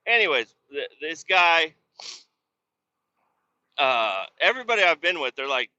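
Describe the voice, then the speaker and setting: A man's voice: fairly high pitch, big pitch swings, unhurried, pushed and bright, dull audio. A man telling a profane, exasperated story about a chaotic coworker in a casual, mocking rant. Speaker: industrial cleaning worker telling a work story.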